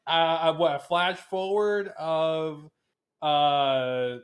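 A man's voice: fairly high pitch, steady tone. A man co-hosting a podcast in casual chat, joking around with puns and poking fun at himself. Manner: jokey, punning, quick to self-mock. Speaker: podcast co-host.

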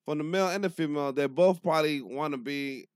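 A man with a slightly high voice talks in a relaxed, slangy way, rolling one thought into the next. It is a casual podcast conversation, recorded dry and close to the mic. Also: quick pace, no echo. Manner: loose, slangy, talks in long run-on thoughts. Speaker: podcast co-host. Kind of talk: casual chat.

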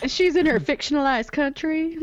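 A woman's voice: sits high, moderate pace, dry recording, lo-fi sound. A woman from upstate New York co-hosting a casual podcast, chatty and self-deprecating. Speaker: podcast co-host.

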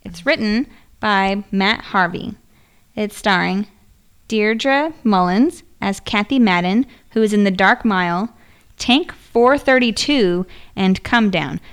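Chatty woman with a smooth, clear voice. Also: mid-range voice, slow. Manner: chatty, swears casually, reads credits off notes. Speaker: podcast co-host. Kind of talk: casual chat.

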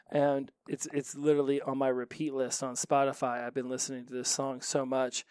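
A man hosting a solo self-help podcast, telling stories in a chatty, animated way. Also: mid-range voice, fairly quick, few pauses, clear, resonant tone, no echo. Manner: chatty, animated storytelling with laughs. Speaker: podcast host.

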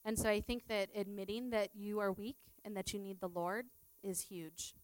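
A woman's voice: medium pitch, steady tone, moderate pace, clean tone, dry recording, rough recording. A middle-aged woman, a teacher, sharing a personal testimony in a chatty way full of fillers. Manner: chatty, filler-heavy storytelling.

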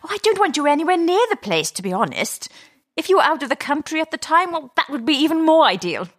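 A woman's voice: high-pitched, very animated, quick pace, fairly bright tone. A woman playing a prim bride-to-be who is bluntly rude.

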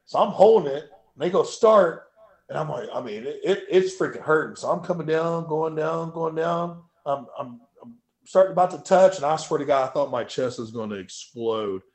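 A powerlifter guest on a casual podcast tells a story at normal speed with lively intonation, swearing freely. When he quotes himself, his voice jumps loud and high.

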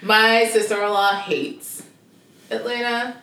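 A woman chatting casually as a podcast co-host. She reacts quickly, teases and laughs easily. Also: a little high, fairly even intonation, bright, forceful tone, distant mic. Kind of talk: casual chat. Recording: roomy echo, set back from the mic.

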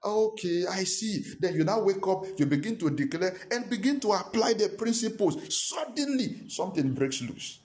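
A man's voice: high voice, expressive, normal speed, few pauses, a little mellow. A pastor preaching a sermon, emphatic and repetitive, with rhetorical questions to his congregation.

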